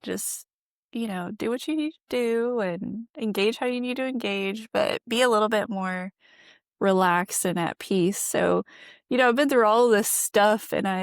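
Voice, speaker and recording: Earnest woman with a gravelly edge. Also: medium pitch, no echo, studio quality. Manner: earnest, reflective, laughs often. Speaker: podcast guest. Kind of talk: candid conversational storytelling.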